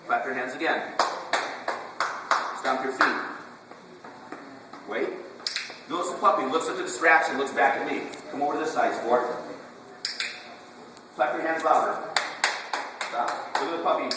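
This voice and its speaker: A man's voice: on the high side, measured pace, long pauses. Echoey distant man coaching a puppy class. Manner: drill-like, quizzing the class, repeating commands. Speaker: dog trainer. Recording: echoey hall, distant camera, room noise.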